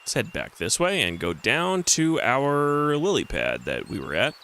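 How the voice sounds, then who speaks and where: A man's voice: mid-range voice, big pitch swings, measured pace, a bit bright. A man streaming a retro game, chatting casually to himself and reading the in-game text aloud. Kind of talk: casual let's-play commentary.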